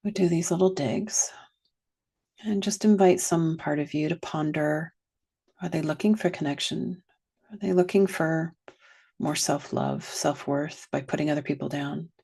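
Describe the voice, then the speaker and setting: A woman teaching a guided reflective lesson, slow and gentle, sometimes dropping to a soft whisper. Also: deep voice, vocal fry, slightly rough. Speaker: wellness teacher.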